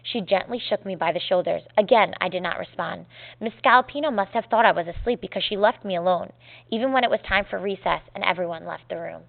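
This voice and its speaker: A woman teacher reading a story aloud to her students in a clear, measured, gently expressive way. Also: mid-range voice. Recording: tinny phone-like lo-fi recording.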